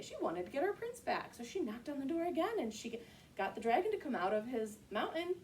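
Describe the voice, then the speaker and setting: A woman hosting a children's story time, reading a picture book aloud and leading kids through yoga poses with expressive storytelling. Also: fairly high pitch, distant mic, a little hiss or hum.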